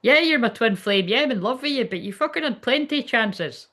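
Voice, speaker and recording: A Scottish woman, an adult spiritual reader who has been online for ten years, gives a casual tarot reading on a livestream. Her voice is on the high side, expressive and sharp, and she talks a little fast. She's blunt, sweary and chatty, with plenty of fillers.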